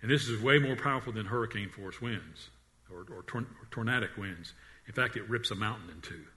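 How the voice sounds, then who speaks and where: Man preaching a sermon, lowish voice, earnest, repeats himself, drops to a hush. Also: brisk. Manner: earnest preaching, dropping to a hush on quiet lines; frequent restarts and repeated words. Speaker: pastor.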